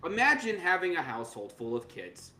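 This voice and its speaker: High-voiced guy ranting sarcastic about sports, roomy echo. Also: huge pitch swings, brisk, pushed and bright. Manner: sarcastic, mocking, does exaggerated voices. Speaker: podcast co-host. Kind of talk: opinionated sports banter. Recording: roomy with faint background noise.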